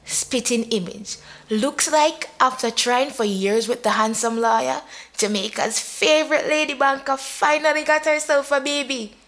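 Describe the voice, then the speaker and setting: A giddy woman friend teases down the phone in a high, lifted voice, as a woman reader puts her on. She sounds bubbly and pushy, and she hits each line hard in this audio story. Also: normal speed, fairly bright tone. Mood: teasing. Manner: giddy, high-pitched teasing. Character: teasing, excited woman best friend, a bank manager.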